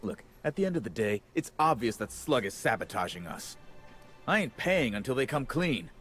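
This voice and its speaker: An actor playing a gruff, harried male orchard overseer in a video game, blunt and sardonic with folksy speech. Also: medium pitch, very animated, moderate pace, fairly bright tone, faint music behind.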